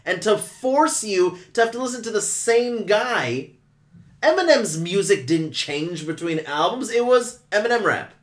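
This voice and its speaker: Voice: mid-range voice, lively intonation, unhurried. A podcast co-host in casual chat, argumentative and sarcastic.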